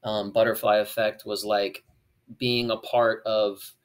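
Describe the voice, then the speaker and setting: A young adult man, a former child actor, talking as a podcast guest in a relaxed, rambling way with plenty of fillers. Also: on the low side, measured pace. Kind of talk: casual interview chat.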